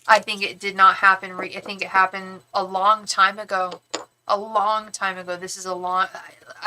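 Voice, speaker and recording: A young woman does a live tarot reading in a medium-pitched voice that sounds pushed and bright. She is a tarot reader and psychic medium who rambles frankly, swears casually, and keeps restarting her sentences.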